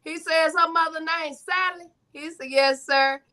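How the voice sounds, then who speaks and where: Bright woman telling comedy stories. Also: very high voice, fairly even intonation, measured pace. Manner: storytelling, acts out quoted voices. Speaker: comedian guest. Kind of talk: telling stand-up jokes.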